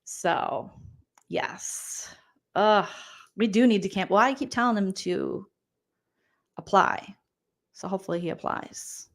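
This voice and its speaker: Woman, live stream host, comedian, chatty, exclamatory, reading chat comments aloud, mid-pitched voice. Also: slow pace, long pauses, a bit bright. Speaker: pop culture comedian host.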